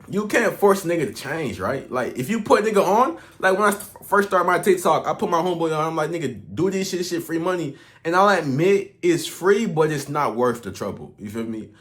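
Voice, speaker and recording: A young man giving a casual, rambling motivational rant to camera, slangy and profane, with his loudness swinging up and down. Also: on the high side. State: out of breath. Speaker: online coach.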